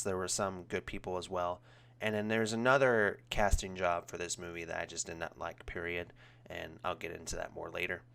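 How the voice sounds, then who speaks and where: A young man giving a casual, rambling movie review, full of ums and restarts, getting more animated when he criticizes. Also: lowish voice, smooth.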